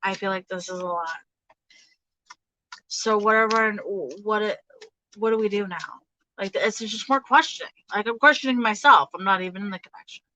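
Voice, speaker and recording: A woman in her thirties giving a casual tarot reading, halting and hesitant, with many fillers and restarts. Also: mid-range voice, pushed and bright, dry recording, poor audio. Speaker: tarot reader.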